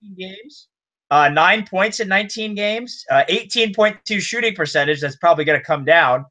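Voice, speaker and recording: Lively, bright-voiced man bantering. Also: sits high, fairly quick. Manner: laughing banter, quoting stats. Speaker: podcast co-host. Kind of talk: casual hockey chat.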